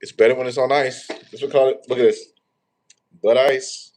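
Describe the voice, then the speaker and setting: A man's voice: medium pitch, fairly even intonation, moderate pace, a little mellow. A man, hosting a tarot livestream in rambling, profane, joking casual chat.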